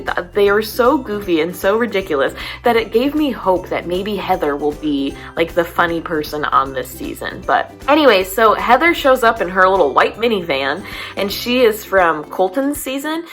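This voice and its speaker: A woman's voice: mid-range voice, normal speed, soft background music. Exasperated chatty woman recapping a show. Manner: animated, exasperated retelling with many "like"s. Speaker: recap vlogger. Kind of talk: casual chat.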